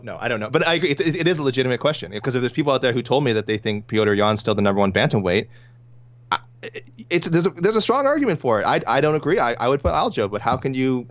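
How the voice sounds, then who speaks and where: A Canadian man co-hosts a casual sports podcast, talking quickly and rambling, often correcting himself mid-sentence. His mid-range voice is expressive, though the audio is dull.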